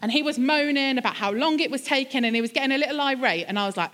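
A woman pastor in her younger years gives a conversational sermon. Her pitch sits a little high and swings widely as she moves between scripture and funny, self-deprecating stories. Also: very fast, hardly any pauses, a little hiss or hum. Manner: lively, chatty storytelling with self-deprecating humor.

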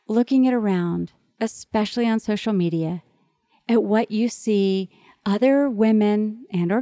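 A woman's voice: mid-range voice, creaky, warm tone, no room sound, clean studio sound. A middle-aged woman hosting a podcast, talking earnestly and with animation straight to listening parents. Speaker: podcast host. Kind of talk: encouraging podcast monologue to parents.

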